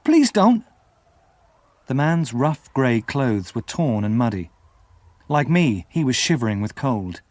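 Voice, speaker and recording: A male narrator reads a classic story for English learners in a clear, measured way. His pitch moves expressively through the sentences, and the recording is close and dry. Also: expressive, a little mellow, no echo. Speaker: audiobook narrator.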